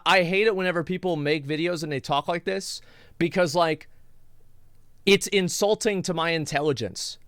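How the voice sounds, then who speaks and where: Ranting male streamer, smooth dry voice. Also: a little high, no echo. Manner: exasperated, ranting, lots of restarts. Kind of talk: casual reaction stream.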